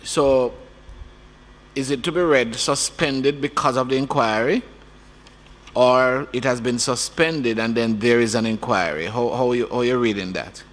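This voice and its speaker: A man's voice: mid-range voice, a little slow, a bit bright. Man probing a legal clause. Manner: probing, asks for clarification. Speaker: committee member. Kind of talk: questioning in a committee debate. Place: large hearing room. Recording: hall reverb with faint hum.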